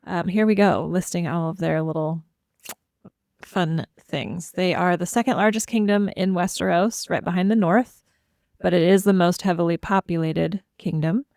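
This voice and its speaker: A woman's voice: on the low side, steady tone, moderate pace, darkish tone, no room sound, studio quality. A woman co-hosting a podcast, presenting fantasy world lore in a playful, chatty way, running through facts with light humor. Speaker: podcast co-host.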